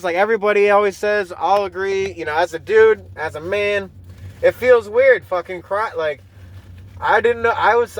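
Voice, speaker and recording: High-pitched and fairly bright, a podcast host swears heavily as he tells rambling, emotional stories from behind the wheel. The recording has no room sound.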